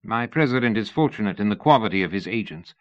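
A man voicing a sly, cocky young male dandy who talks smoothly, in an audiobook reading. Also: on the low side, animated, fast talker, no room sound, lo-fi sound, close to an everyday voice.

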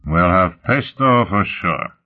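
A man voicing a brash, gloating pleasure-seeker with a low, lively voice, over a tinny phone-like line. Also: normal speed.

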